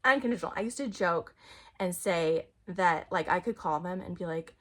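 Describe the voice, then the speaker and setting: Chatty woman with animated, rambling delivery. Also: on the low side, moderate pace. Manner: chatty and animated, drops to near-whispers when acting out voices. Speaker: spiritual vlogger. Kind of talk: casual rambling monologue to camera.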